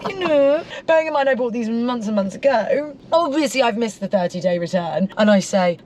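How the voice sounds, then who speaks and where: A young woman with a London accent, co-hosting a casual chat while driving and telling animated stories full of acted-out quotes. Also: a little high, fairly quick, hardly any pauses, a little hiss or hum. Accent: London English. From England. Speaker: co-host. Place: inside a car.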